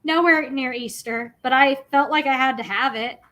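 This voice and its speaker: A young woman talks through her craft livestream in a chatty, bubbly ramble full of fillers. Her voice sits a little high. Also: normal speed, pushed and bright. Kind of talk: casual livestream chat.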